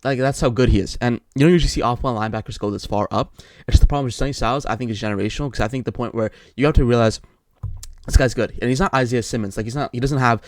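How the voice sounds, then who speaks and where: A man's voice: mid-range voice, rapid-fire, no echo. A young man giving casual solo football draft commentary, rambling and repeating himself as he restarts his thoughts. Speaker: sports commentator.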